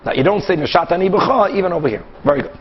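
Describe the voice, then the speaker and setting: High-voiced animated rabbi teaching Talmud. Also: male voice, breathy edge, highs cut off. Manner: animated, acts out both sides of cases with quick back-and-forth. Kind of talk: Talmud class lecture.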